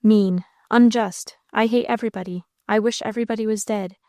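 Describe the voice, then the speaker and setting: A woman reading aloud, voicing a talking doll whose speech comes out sharp, high-pitched, fast and excited. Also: no echo, clean studio sound, close to an everyday voice. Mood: unpitying. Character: talking doll, shrill and spiteful.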